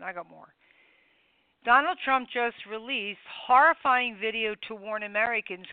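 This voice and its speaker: A woman's voice: a little high, clear, resonant tone, dry recording. A woman hosting a show, narrating over a video and listing events emphatically. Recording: tinny phone-like sound with loud music.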